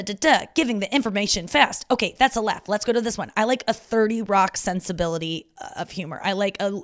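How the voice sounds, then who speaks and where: A woman comedian in her thirties talking in a quick, profane solo podcast monologue, with many restarts and asides. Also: medium pitch, no room sound, clean studio sound.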